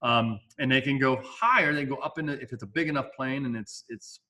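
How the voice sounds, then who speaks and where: A man's voice: mid-range voice, fairly quick, sharp tone. A male science teacher giving a casual, jokey classroom lecture with asides.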